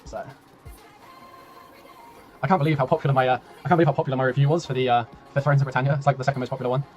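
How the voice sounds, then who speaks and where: A man casting a strategy game tournament on a live stream, chatty and laughing, with a tiring voice that he keeps clearing. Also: mid-range voice, fairly even intonation, racing, muffled recording, soft background music. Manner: chatty, laughing, rambling, swears, reads chat aloud. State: voice tiring, clearing throat often. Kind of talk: casual live-stream commentary.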